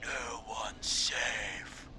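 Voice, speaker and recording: An actor playing a teenage prank caller who fakes a creepy old killer's voice in a whispered, gravelly rasp, then drops into bratty mockery. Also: male voice, medium pitch, steady tone, extremely slow, noisy background. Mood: menacing whisper. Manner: menacing then bratty and mocking.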